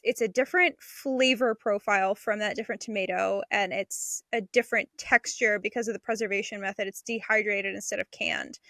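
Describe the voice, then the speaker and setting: A woman's voice: medium pitch, a bit bright, no room sound, clean studio sound. A young adult woman co-hosting a homesteading podcast, chatting enthusiastically and laughing between thoughts. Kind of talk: casual chat.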